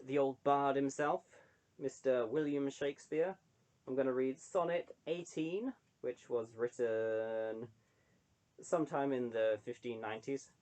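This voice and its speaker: A man's voice: mid-range voice, measured pace, a little mellow. A young adult man chatting casually to camera, rambling with lots of ums and wry asides. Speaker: online creator reading poetry.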